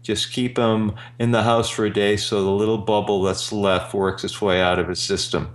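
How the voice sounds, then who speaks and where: A man with a low voice hosts a radio talk show. He tells a personal story in a slow, earnest way. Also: level tone. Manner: slow, earnest anecdote telling.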